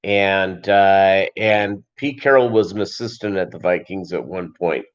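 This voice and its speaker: A man hosting a casual livestream, rambling with many fillers and pauses and reading chat comments aloud. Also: deep voice. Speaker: livestream host. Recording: dull lo-fi stream audio.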